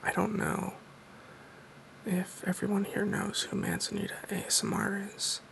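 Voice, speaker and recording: A man telling a mock-serious story in a soft-spoken, deadpan ASMR style. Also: high voice, vocal fry, low-quality recording. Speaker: ASMR creator.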